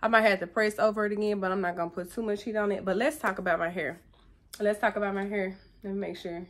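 Young woman vlogger, casual and emotional, mid pitch. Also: fairly even intonation, fast. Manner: chatty, emotional, talks straight to viewers. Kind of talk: casual chat to camera.

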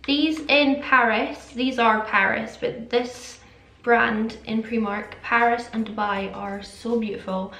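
A woman's voice: fairly high pitch, steady tone, slow, fairly bright tone. A woman chatting casually through a makeup tutorial, rambling and self-aware. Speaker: beauty vlogger. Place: home makeup setup. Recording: echoey room with faint music.

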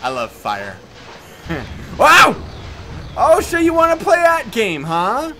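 A man doing let's play commentary, loud and excitable, often yelling at enemies. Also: very high voice, slow pace, heavy background noise.

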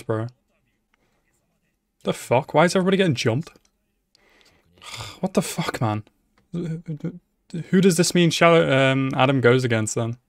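Excitable young man, dry close sound. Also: on the high side, measured pace, long pauses, dry recording. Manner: excitable, swears a lot, laughs and shouts at the screen. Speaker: anime reaction YouTuber. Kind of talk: casual reaction commentary.

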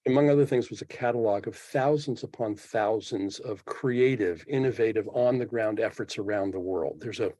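A man's voice: fairly low pitch, normal speed, few pauses, mellow, no echo. A man in his seventies, a podcast guest speaking reflectively in an interview and thinking aloud with frequent restarts. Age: 70s. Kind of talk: interview conversation.

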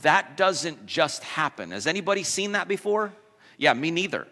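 A man's voice: on the high side, very animated, normal speed, pushed and bright. A male pastor preaching a sermon in a casual, conversational way, asking the congregation questions and adding light asides. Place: church sanctuary. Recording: long church reverb.

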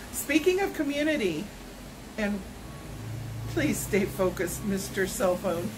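A woman's voice: mid-range voice, fairly bright tone, a little hiss or hum, low-quality recording. A woman, vlogging a casual product unboxing at home, chatty and rambling with self-corrections. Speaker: YouTube vlogger.

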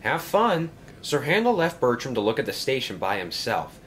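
Expressive male storybook narrator. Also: mid-range voice, brisk, a little hiss or hum.

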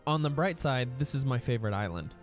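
A man's voice: mid-range voice, expressive, fast, over music. A young man hosting a let's play, casually commenting on the game with playful, teasing banter. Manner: playful, teasing, sing-song bits.

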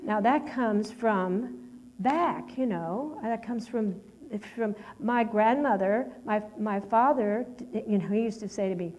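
A woman's voice: mid-range voice, measured pace, darkish tone. A middle-aged woman preaching a personal testimony sermon, talking in a conversational, rambling way with many restarts and fillers.

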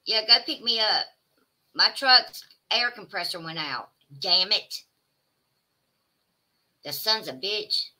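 A woman with a Southern American accent speaks slowly, with long pauses, in an expressive medium-pitched voice with a sharp tone. She's a livestream host reading viewer comments aloud, chatting casually, exclaiming and drawling asides.

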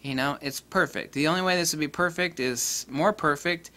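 A man ranting casually about camera lenses, blunt, profane and mocking, with big swings in pitch and loudness. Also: normal speed. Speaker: camera lens reviewer. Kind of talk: casual opinionated rant.

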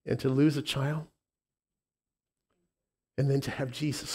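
Pastor with a lisp, preaching emotionally. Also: male voice, mid-range voice, steady tone, slightly rough. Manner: emotional, halting with repeated restarts, swinging from soft to emphatic. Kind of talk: sermon.

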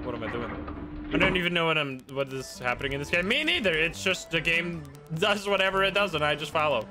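An excitable male streamer talks through a game live, laughing and swearing often. His voice sits high and swoops widely. Game music plays underneath. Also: a little fast. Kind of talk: live gameplay commentary.

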